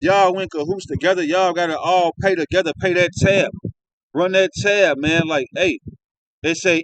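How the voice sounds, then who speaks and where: High-voiced man preaching loose commentary. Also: fairly even intonation, moderate pace, a bit bright, no room sound, low-quality recording. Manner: reads verses then riffs in loose slang, tagging lines with "man". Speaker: street-style Bible teacher. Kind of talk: informal scripture reading and commentary. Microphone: phone.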